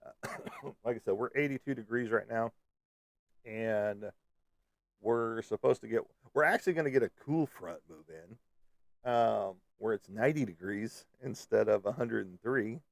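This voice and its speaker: Host type: male, low and gravelly, loose joking ramble, dry close mic. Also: measured pace, no room sound. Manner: rambling, joking, lots of fillers. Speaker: live stream host. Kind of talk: casual live chat with viewers. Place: Kansas City area.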